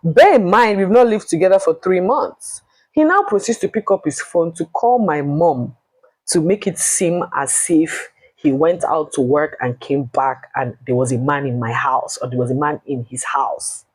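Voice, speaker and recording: A woman with a Nigerian accent telling a personal story in a casual, blunt and animated way, swearing freely. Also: deep voice, normal speed, breathy edge, no echo, poor audio.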